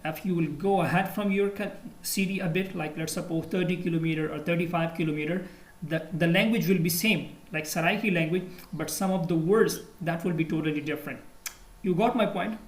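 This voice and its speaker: A man's voice: a little high, brisk, echoey room, poor audio. A man from Pakistan with a Pakistani accent, teaching English in a casual online lesson, full of fillers and switching into Urdu. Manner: explains with many fillers, mixes in Urdu. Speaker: English tutor.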